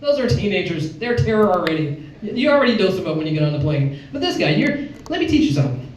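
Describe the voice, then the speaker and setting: Performing stand-up at a comedy club, this brash fifty-something comedian from Chicago, Illinois talks fast in a sing-song, darkish voice, jumping wildly in pitch to act out voices. Laughter rises from the crowd, and the distant, echoey capture carries faint noise.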